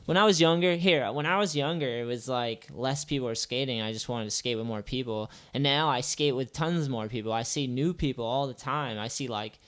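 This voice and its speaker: This is a male podcast host from the States in an easygoing chat, his voice sitting at an ordinary middle pitch. He rambles from one thought to the next, curses freely, and leans on "like" and "you know" constantly. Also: a little fast, few pauses, fairly bright tone. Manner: rambling, loose and profane, full of "like" and "you know". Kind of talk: casual chat.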